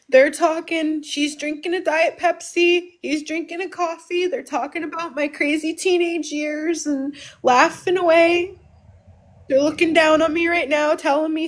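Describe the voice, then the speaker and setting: A woman with a high voice appears as a guest on a livestream, telling a family story. She speaks haltingly and with emotion, often starting her sentences over.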